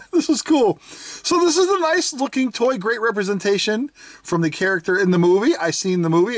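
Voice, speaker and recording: An excitable host reviews little toys in a casual unboxing chat, giggling between remarks and musing aloud about what each one does. The voice leaps up and down in pitch with lively swings. The sound is dry and close, with no room echo. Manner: giggly, enthusiastic, chatty; thinks aloud, unsure asides. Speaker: toy reviewer, channel host.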